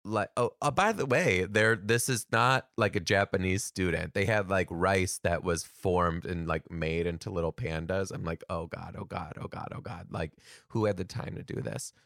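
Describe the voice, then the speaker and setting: A young man who works as a teacher tells stories in a casual, animated monologue, ranting and exclaiming and often laughing as he talks. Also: low voice, normal speed, dry recording, clean studio sound. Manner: laughs often while talking.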